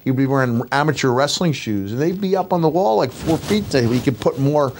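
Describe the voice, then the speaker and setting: A middle-aged man and retired wrestler telling animated, rambling stories in a casual podcast chat. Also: mid-range voice, a little fast. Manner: animated, rambling anecdotes with restarts.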